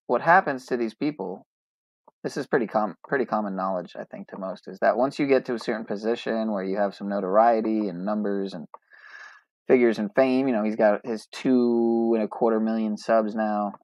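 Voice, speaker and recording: A man's voice: lowish voice, steady tone, normal speed, darkish tone, no echo, muffled recording. A man hosting a podcast in casual chat, rambling and hesitant, often restarting his words. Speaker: podcast host.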